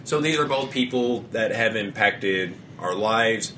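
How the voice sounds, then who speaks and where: A man's voice: on the low side, a little slow, sharp tone, slight background noise. A young man co-hosting a podcast, rambling casually with frequent restarts and a lot of swearing. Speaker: podcast co-host.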